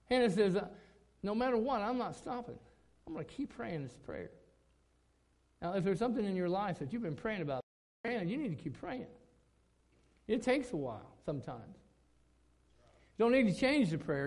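A middle-aged man, a pastor preaching a sermon, telling a story that climbs to loud, emphatic peaks. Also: a little high.

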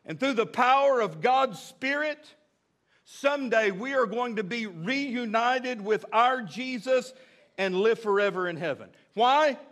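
A preacher delivers an emphatic sermon in a high voice for a man. He stresses and repeats his key phrases. His pace swings from drawn-out lines to quick bursts. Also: expressive, fairly bright tone. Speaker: pastor.

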